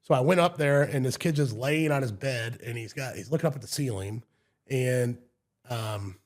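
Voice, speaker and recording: A man telling stories in a relaxed, chatty way, guesting on a podcast as a home inspector. He gets animated and acts out the voices of people he met on the job. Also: mid-range voice, normal speed. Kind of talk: casual storytelling.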